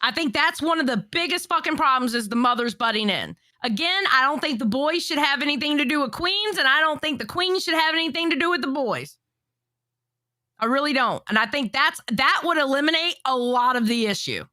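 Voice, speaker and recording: A woman hosting a casual livestream, animated and teasing, swearing freely. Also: sits high, brisk, no room sound. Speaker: stream host.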